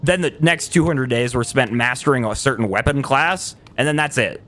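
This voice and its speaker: A man's voice: mid-range voice, normal speed, fairly bright tone, slight background noise. Rambling man streaming a game. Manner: rambling, self-correcting, trails off and laughs. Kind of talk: casual livestream chat while gaming.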